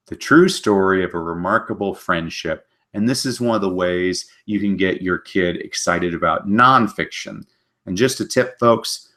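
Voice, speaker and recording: A man giving an energetic webinar talk on children's books, telling stories and briefly doing character voices. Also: sits low. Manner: animated storyteller, does quick character voices. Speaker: literacy speaker giving book talks.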